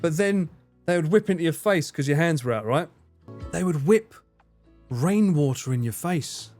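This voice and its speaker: Male streamer, casual live chat, expressive and swings all over his range, with music playing behind. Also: on the high side, normal speed. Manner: laughs often and swears freely.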